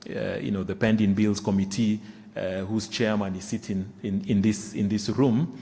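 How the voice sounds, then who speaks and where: Halting man presenting in a reverberant hall. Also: lowish voice, steady tone, gravelly, warm tone. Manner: halting, many fillers and restarts. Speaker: bank executive presenting results. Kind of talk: results presentation. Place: conference room.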